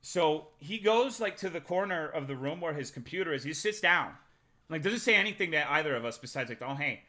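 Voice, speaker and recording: A man streaming live, recounting an awkward past episode in a loose, swear-heavy ramble. His voice sits a little high and rings sharp and bright. He jumps from loud outbursts back down to low asides. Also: animated, fairly quick. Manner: profane, rambling anecdote with big swings in loudness. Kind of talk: casual storytelling to a live chat.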